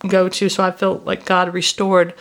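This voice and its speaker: Host, woman in her fifties, low flat gravelly voice, confessional faith storytelling. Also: normal speed. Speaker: podcast host. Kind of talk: reflective Christian teaching.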